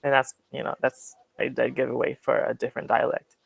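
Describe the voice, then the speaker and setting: A man with a General American accent, teaching an English class in a relaxed, explanatory way with many fillers. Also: medium pitch, brisk, gravelly, breathy edge, rough recording. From Western United States. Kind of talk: classroom lecture.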